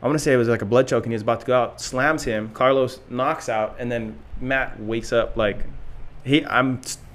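Guy chatting on a podcast, relaxed, lots of likes, normal pitch. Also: brisk. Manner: relaxed storytelling, frequent "like" fillers, laughs between lines. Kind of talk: casual chat.

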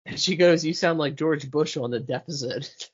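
A man's voice: on the high side, moderate pace, slightly rough. A man co-hosting a podcast, chatting casually about a comedy film, swearing freely and searching aloud for lines. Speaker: podcast co-host. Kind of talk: casual movie recap chat. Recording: dull lo-fi sound.

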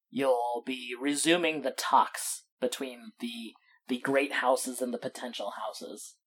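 A game master narrating a fantasy tabletop game in an unhurried way, with many fillers. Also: mid-range voice.

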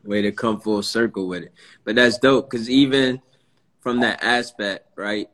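A man hosting a podcast, talking in relaxed slang and giving short replies. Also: on the low side, a little slow. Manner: laid-back slang, short backchannel replies. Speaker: podcast host. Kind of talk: casual chat.

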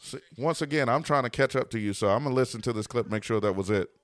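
A man's voice: medium pitch, fast, no room sound. A man who is a pastor and podcast host, talking in a preaching style and repeating key lines for emphasis.

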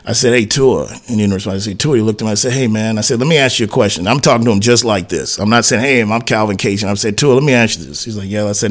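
A man co-hosting a sports talk radio show, telling a casual story and acting out the quoted dialogue, with "man" and "whatever" peppered through his speech. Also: fairly low pitch. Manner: animated anecdote teller who acts out quoted dialogue, frequent "man" and "whatever".

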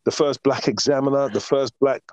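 A man appears as a podcast guest in a casual interview, telling stories in an animated, emphatic way and often checking in with "right?". His medium-pitched voice moves a little fast and sounds smooth, with no room sound.

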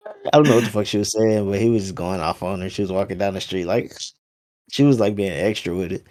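A man with a slightly low voice, chatting casually on a podcast. He tells his stories in a laid-back, slangy way and swears a lot. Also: fast, darkish tone. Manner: laid-back slangy storytelling, heavy profanity.

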